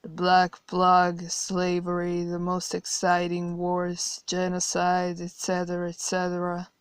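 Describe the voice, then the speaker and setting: A woman's voice: lowish voice, monotone, a little slow, clean tone, no room sound, lightly acted. Mocking old god guy, cruel and jokey, woman reading it, dry close sound. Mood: flippant. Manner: teasing, laughing, flippant. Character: old white-haired male godlike being, mocking and cruel.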